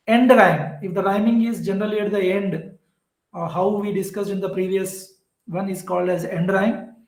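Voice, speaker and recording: A man with an Indian English accent giving a classroom lecture on poetry, explaining slowly and repeating example words. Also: high-pitched, vocal fry, echoey room, poor audio.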